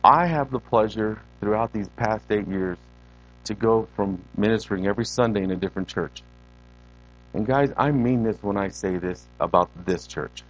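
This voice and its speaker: A man preaching a sermon as a guest preacher in a church, animated and conversational, repeating words for emphasis and talking straight to the congregation. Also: fairly low pitch, normal speed, highs cut off.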